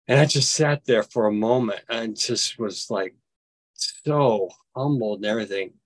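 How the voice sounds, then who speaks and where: Animated male storyteller acting out dialogue. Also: dry recording. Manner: animated, acts out quoted dialogue with big pitch jumps; halting, with frequent restarts. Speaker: interview guest. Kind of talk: personal storytelling.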